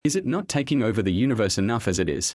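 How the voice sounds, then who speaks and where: A fearful, outspoken woman raises alarms in a storybook reading, as a male narrator puts her on. The sound is dry and close, and the pitch moves freely. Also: sing-song, rapid-fire, darkish tone, no room sound. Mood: worried. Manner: fearful, complaining. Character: anxious outspoken woman at a meeting.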